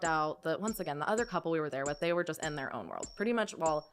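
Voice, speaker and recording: Young woman, deep-ish voice, telling a hard story, lots of likes and stops. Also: expressive, fast, a little hiss or hum. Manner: hesitant, lots of "like" and restarts. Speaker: podcast guest. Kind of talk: personal storytelling.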